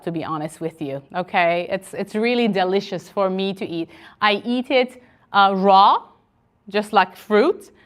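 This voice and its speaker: A woman teaching an online English conversation class, encouraging and repeating words slowly for learners over a video call. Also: on the high side, a bit bright.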